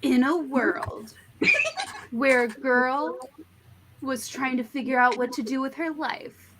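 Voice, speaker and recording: A woman putting on a dramatic movie-trailer announcer voice with slow, drawn-out delivery. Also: high-pitched, steady tone, heavy background noise. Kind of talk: mock movie-trailer voice-over.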